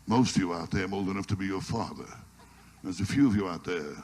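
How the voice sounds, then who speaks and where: A man with a low, slightly mellow voice talks quickly, performing stand-up comedy live on stage before an audience. He fires off one-liners in an exasperated, complaining manner, captured in a noisy archival live recording.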